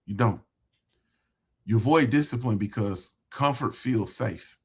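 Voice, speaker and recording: A man's voice: medium pitch, measured pace, slightly rough. A man hosting a motivational talk for his viewers, speaking in a conversational, emphatic way, repeating phrases for emphasis. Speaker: host.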